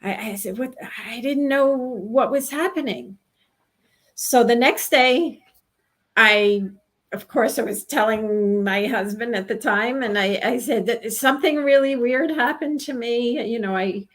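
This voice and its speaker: A woman in her sixties from New York recounts a personal experience in an interview. Her voice sits somewhat high, and she speaks earnestly and haltingly, often breaking off and starting a sentence again. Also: fairly bright tone. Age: 60s. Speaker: guest telling her experience.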